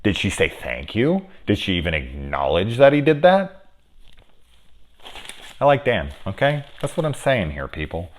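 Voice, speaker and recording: A man's voice: fairly low pitch, very animated, a little slow. A man giving a casual spoiler review of a movie, rambling and profane, with lots of fillers.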